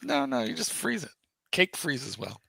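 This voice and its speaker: A man's voice: high-pitched, wildly swooping pitch, normal speed, creaky, a bit bright, breathy edge, no room sound. A man hosting a livestream, teasing and bossing his co-host in casual banter.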